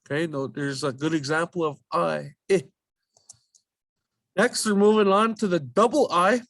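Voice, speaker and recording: A man teaching a language lesson, drilling vowel sounds slowly and repeating each word patiently. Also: fairly high pitch, steady tone, fairly bright tone, dry recording, studio quality. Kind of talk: slow spoken language lesson.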